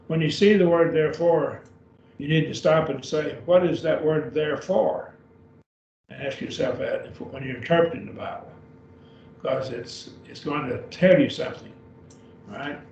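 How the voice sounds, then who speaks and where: A man's voice: a little high, gravelly, a little mellow. A man teaching a beginner Greek class over a video call, speaking patiently and repeating each word. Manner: slow, patient, repeats words. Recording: dull, roomy, distant with faint hiss.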